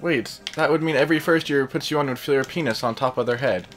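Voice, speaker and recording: A man doing a shrill, outraged young schoolgirl witch. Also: quick pace, faint music behind, natural voice. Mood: exasperated. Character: indignant young schoolgirl witch, sharp-tempered.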